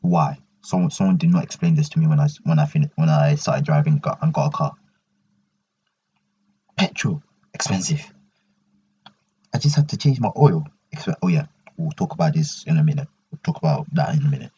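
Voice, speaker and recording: A man's voice: very deep voice, fairly even intonation, fairly quick, warm tone, highs cut off, slight background noise. A young man hosting a solo podcast, ranting animatedly and repeating his points. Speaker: podcast host.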